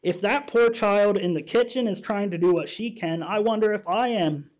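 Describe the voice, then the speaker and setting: A man reading the lines of a thoughtful mother talking to herself, lifting his voice higher and brighter. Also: moderate pace, close to an everyday voice. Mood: resolving. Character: thoughtful mother weighing a gift. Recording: dull, muffled sound.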